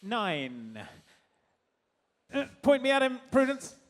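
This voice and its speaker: A man's voice: very high voice, wildly swooping pitch, takes it slowly. A man playing a tabletop game live on stage, joking around while rolling dice. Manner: playful, jokey. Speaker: player. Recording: reverberant live hall with faint ambience.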